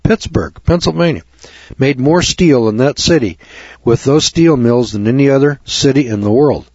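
Moderately paced and a little mellow, a medium-pitched man hosts a talk radio rant full of rhetorical questions and sarcastic asides aimed at listeners he calls kids. There's no room sound, though the broadcast itself is dull and lo-fi.

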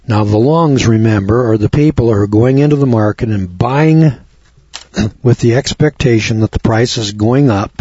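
A man giving a folksy, cautionary lecture as an instructor, often clearing his throat and repeating words as he tells homespun stories. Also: mid-range voice, warm tone, no echo. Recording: dull lo-fi recording.

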